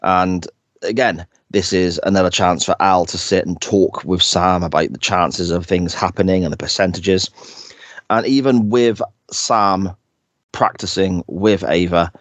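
A man's voice: deep voice, moderate pace, no echo. A man co-hosting a podcast, recapping an episode in chatty, enthusiastic casual talk. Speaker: podcast co-host.

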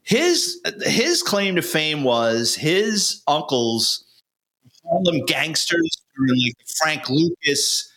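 A man's voice: fairly high pitch, expressive, slow pace, pushed and bright. An older man, a retired detective telling stories in a blunt, street-wise way with colorful swearing. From New York City. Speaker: retired police detective and author, guest. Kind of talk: casual storytelling.

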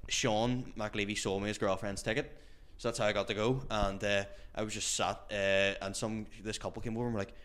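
A man's voice: fairly low pitch, steady tone, brisk, few pauses, a bit bright, clear, resonant tone. A man, a comedian telling anecdotes casually and acting out what others said. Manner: storytelling, acts out quotes. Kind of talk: casual chat.

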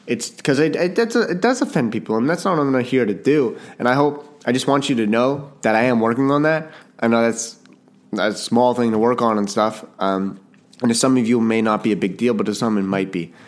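A man's voice: medium pitch, a little fast. A man from Canada hosting his own podcast in a casual solo chat, rambling and self-deprecating, often restarting his sentences and apologizing. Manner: apologetic, jokey. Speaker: podcast host and author.

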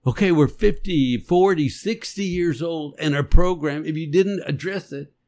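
A man's voice: on the high side, moderate pace, a little mellow. A man co-hosting a faith podcast, talking earnestly and emphatically in a casual conversation. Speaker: podcast co-host.

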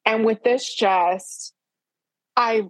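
A woman author being interviewed, speaking frankly and self-deprecatingly with quick asides. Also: fairly high pitch, fairly even intonation, a bit bright, no room sound. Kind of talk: candid conversational storytelling.

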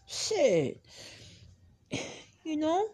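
In a very slow, mellow, high-pitched voice with huge swings in pitch, a woman delivers a casual podcast monologue directly to listeners. She rambles, swears freely, and is blunt and outspoken.

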